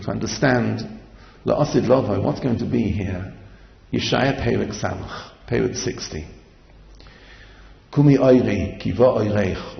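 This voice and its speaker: A man's voice: on the low side, vocal fry, echoey room, big-room sound, lo-fi sound. A man giving a Torah lecture as a sermon, asking repeated rhetorical questions and chanting verses. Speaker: rabbi giving a Torah class.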